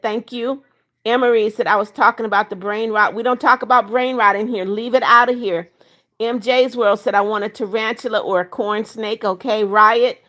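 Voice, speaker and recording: A woman in her seventies, seventy-one, hosts a livestream and works through the chat, reading comments aloud and addressing each viewer by name conversationally. Her pitch is fairly high and her voice a bit bright.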